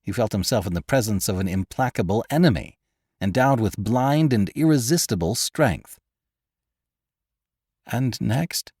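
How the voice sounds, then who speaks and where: A man narrating a classic adventure story in an expressive, dramatic way, as host. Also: lowish voice, normal speed, breathy edge, dry recording, studio quality. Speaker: audiobook narrator and podcast host.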